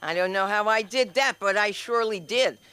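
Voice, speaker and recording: A woman's voice: medium pitch, brisk, background noise. A woman emceeing an open mic at her small comedy club, chatty and upbeat with self-mocking asides.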